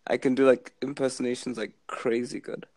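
A young man with a Zimbabwean accent, a university student, chatting casually and telling animated stories. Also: medium pitch, a little fast, no echo. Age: young adult. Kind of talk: casual video chat.

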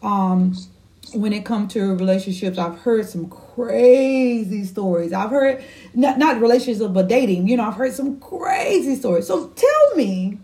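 Sassy, expressive woman hosting a chat. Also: on the high side, poor audio. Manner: sassy, expressive, colloquial, quick to laugh. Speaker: podcast host. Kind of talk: casual chat.

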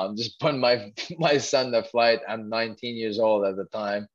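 Guy, halting and full of restarts, middle pitch, bit muffled lo-fi sound. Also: steady tone. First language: French. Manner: halting, many restarts and fillers. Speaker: guest, former athlete. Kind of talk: casual storytelling interview.

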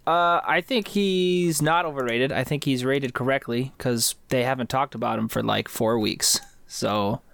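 Gravelly-voiced man on a podcast. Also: medium pitch, a little slow, few pauses, fairly bright tone, dry recording. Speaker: podcast co-host. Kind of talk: casual esports podcast chat.

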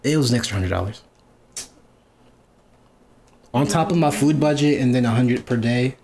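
A young man chatting casually on a podcast, telling stories and laughing often. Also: quick pace. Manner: animated, laughs often, voices quoted people with big pitch jumps. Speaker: podcast co-host. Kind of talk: casual storytelling chat. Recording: faint background noise.

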